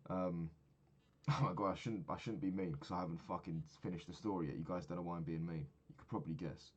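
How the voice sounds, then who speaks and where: A man's voice: sits low, steady tone, fast, slightly rough. A man in his twenties recapping a trip in a rambling, sweary, casual monologue, often laughing at his own stories. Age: 20s. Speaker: vlogger.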